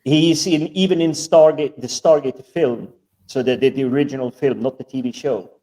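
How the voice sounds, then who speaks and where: Male co-host, mellow tone, rambling and stammering, distant from the mic on an online call. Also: medium pitch, steady tone, moderate pace. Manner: rambling, stammers and repeats words. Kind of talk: casual chat.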